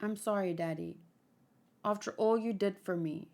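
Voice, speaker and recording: A woman voicing a frightened young girl in despair, speaking softly and quietly while reading a comic aloud. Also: medium pitch, normal speed, pitched below the performer's own voice, natural voice. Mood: heartbroken. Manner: soft, quiet, broken.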